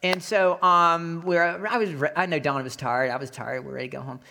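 A male pastor delivering a sermon, telling a personal story with animated acted-out voices. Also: fairly high pitch, brisk, gravelly, slight background noise. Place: Florida.

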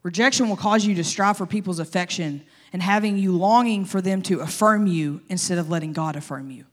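A woman pastor delivering a sermon in a lively, joking, conversational way. She talks to the congregation directly and casually, with plenty of everyday slang. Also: on the low side, brisk. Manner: animated, humorous, conversational.

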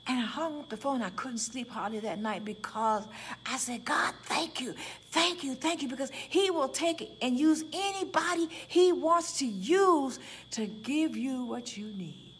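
A woman's voice: high voice, a little slow, a little hiss or hum. Woman pastor, Chicago accent, conversational sermon with acted-out asides, faint ambience behind. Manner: lively, conversational, acts out prayers and dialogue.

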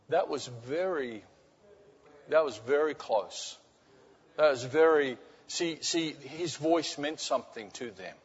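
Animated preacher man in a reverberant hall. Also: medium pitch, unhurried, breathy edge, lo-fi sound. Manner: animated storytelling, many restarts, drops to soft intimate tones. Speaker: pastor. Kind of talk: sermon with personal story.

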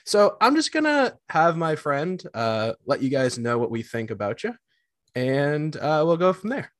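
A man co-hosting a podcast talks animatedly as he builds up a surprise. His pitch moves in a lively way, and the sound is dry and close. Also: unhurried, no room sound. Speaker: podcast co-host. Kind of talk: casual chat.

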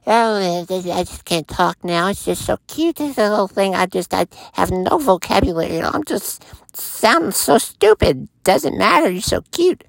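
A man voicing a doting pet owner who gushes over a little dog in high, sing-song baby talk. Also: animated, normal speed, creaky, fairly bright tone, dry recording, heavily acted. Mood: gushing.

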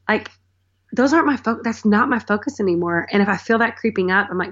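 Woman, 30s, earnest podcast guest; rambling, sincere delivery; mid-pitched; slightly dull recording. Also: fast, fairly bright tone. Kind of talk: casual faith conversation.

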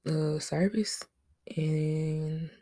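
A woman's voice: low-pitched, steady tone, drawn-out words, mellow, no room sound, clean studio sound. A young woman hosting a solo podcast, chatting casually with lots of slang, rambling asides and frequent laughs. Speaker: podcast host.

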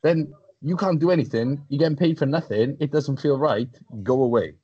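A Welsh man chatting on a podcast with a husky, slightly breathy voice. He is blunt and sweary and often restarts his sentences. The sound is dry and a little dull, with no room around him. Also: mid-range voice, moderate pace, warm tone, dry recording. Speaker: fitness coach. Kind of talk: casual podcast chat.

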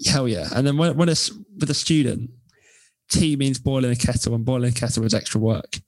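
A man, chatting casually as a university student co-host, relaxed and rambling with dry humor. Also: mid-range voice, brisk, no echo. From England. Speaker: podcast co-host. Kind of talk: casual chat.

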